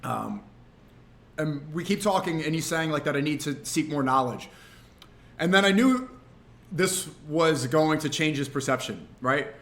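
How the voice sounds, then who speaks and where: A man streaming, telling a story in a casual, animated, rambling way with frequent restarts. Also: on the high side, unhurried.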